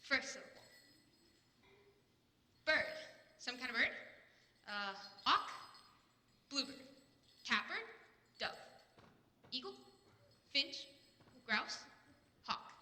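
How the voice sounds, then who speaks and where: A woman playing a quick-witted court jester, playfully guessing at a charade on stage. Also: high voice, expressive, pushed and bright, heavily acted. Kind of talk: stage musical acting. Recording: faint distant echoey hall recording.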